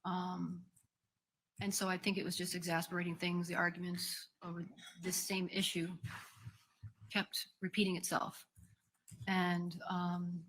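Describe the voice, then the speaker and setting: Low, flat-voiced woman testifying. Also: husky. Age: 40s. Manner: hesitant, halting, many ums. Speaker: defendant testifying. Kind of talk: courtroom testimony. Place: courtroom.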